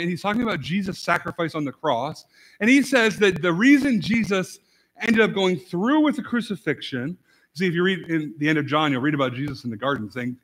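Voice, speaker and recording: A man preaching a casual, conversational sermon as pastor, rambling with many restarts and swinging from quiet asides to sudden loud emphasis. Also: high voice. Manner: rambling, repeats words and restarts often, fillers like "like" and "right?".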